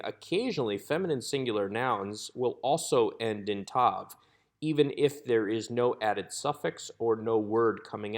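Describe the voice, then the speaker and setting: Male lecturer, slightly low voice, patient slide-lesson narration that slows on key terms. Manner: patient, explanatory, spells out terms slowly. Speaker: Hebrew teacher. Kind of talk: recorded grammar lecture.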